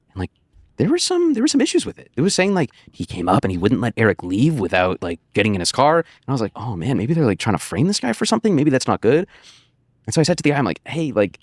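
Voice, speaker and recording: An American man telling a long, rambling anecdote as a podcast guest, chuckling and swearing along the way. He talks quickly in a mid-range voice. The sound is close and dry. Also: mid-range voice, no echo. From United States. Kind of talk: casual storytelling on a podcast.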